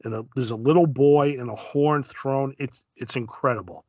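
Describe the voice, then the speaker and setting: A man co-hosting a casual podcast, describing comic panels in a thoughtful, halting way with many restarts. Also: mid-range voice, darkish tone, dry recording, dull audio. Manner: hesitant, restarts often, thoughtful. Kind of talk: casual comic book discussion.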